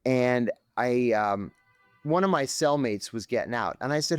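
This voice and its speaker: Male podcast guest, animated storyteller, lively and dramatic delivery, dry close sound. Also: mid-range voice, a little slow, clean tone, dry recording, faint music behind. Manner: dramatic, acts out quoted voices.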